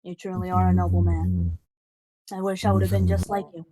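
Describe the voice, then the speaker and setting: A woman speaking earnestly in character at a tabletop game. Her pitch swings freely from phrase to phrase. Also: very animated, brisk, dark tone, breathy edge, no room sound. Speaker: player. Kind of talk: in-character tabletop role-play.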